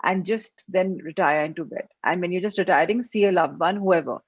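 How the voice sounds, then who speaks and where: A woman's voice: fairly low pitch, fairly quick, slightly rough, dry recording, lo-fi sound. Indian woman coaching a self-help class. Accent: Indian English. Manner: mixes English and Hindi, instructive, repeats herself.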